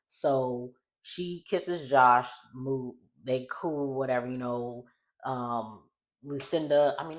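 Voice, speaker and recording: A woman casually recapping a reality show, chatty and rambling, often correcting herself. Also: rumbling low.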